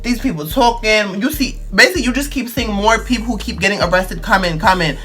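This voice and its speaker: A man's voice: high voice, fairly quick, pushed and bright, faint music behind. A man, telling a dramatic, slang-heavy storytime on his vlog. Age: 20s. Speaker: vlogger.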